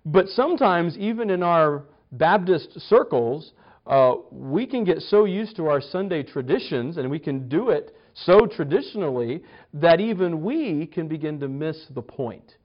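A man gives a sermon in a relaxed, storytelling manner, often stammering and restarting his sentences. His voice sits a bit high for a man. The recording is dull and lo-fi, as if taped in a church. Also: measured pace. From United States. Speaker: pastor.

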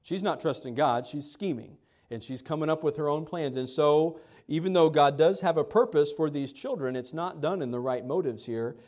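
Male pastor, somewhat high voice, chatty sermon delivery, stumbling restarts, dull lo-fi recording. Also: normal speed. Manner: conversational preaching with frequent restarts and acted quotes. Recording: dull lo-fi sound.

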